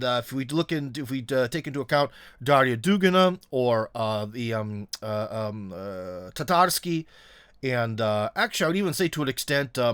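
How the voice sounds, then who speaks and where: A man's voice: mid-range voice, a bit bright, smooth, no room sound, clean studio sound. A man hosting a casual political commentary monologue, rambling with many fillers and restarts, and often sarcastic.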